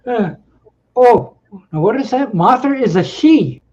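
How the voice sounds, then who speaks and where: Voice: mid-range voice, darkish tone, lo-fi sound. A speaker on an online video chat, rambling and full of "you know" and "like". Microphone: video call mic.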